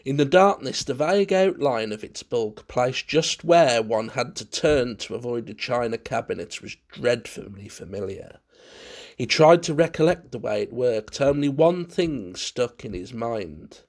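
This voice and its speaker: A man narrating a ghost story in a measured, steady storytelling manner. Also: mid-range voice.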